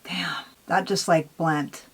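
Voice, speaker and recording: A woman's voice: low voice, fairly even intonation, slow, faint music behind. A young woman vlogging a makeup tutorial in a chatty, candid way, swearing casually and saying "like" a lot. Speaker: beauty vlogger.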